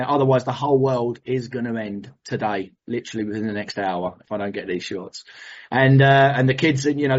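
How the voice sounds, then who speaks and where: A husky, medium-pitched man from England speaks at a recovery meeting, telling his recovery story with animated, emotional storytelling and the odd swear word. The recording is muffled and lo-fi, as if made on modest gear.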